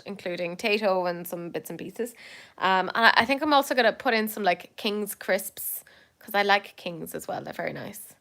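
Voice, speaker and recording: A woman's voice: mid-range voice, fairly bright tone. A young Irish woman chatting casually with her viewers, rambling with fillers, laughing often and poking fun at herself. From Ireland. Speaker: livestream host chatting with viewers. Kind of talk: casual chat.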